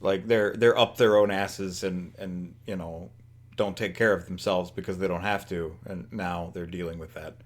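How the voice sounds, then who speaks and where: A man's voice: deep voice, steady tone, normal speed. A man co-hosting a podcast in casual chat, hesitant with ums and restarts and a dry sense of humor. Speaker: podcast co-host.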